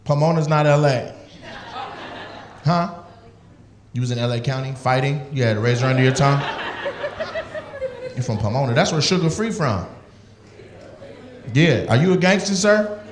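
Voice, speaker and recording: A man's voice: on the high side, expressive. A male comedian doing profane, teasing crowd work with audience members. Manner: teasing, profane, quick banter. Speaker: stand-up comedian.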